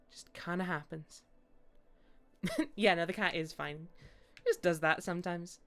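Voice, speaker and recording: Playful, low-voiced woman streamer. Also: measured pace, pauses often, fairly bright tone, soft background music. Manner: playful, jokey, laughs often. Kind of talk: casual gameplay commentary.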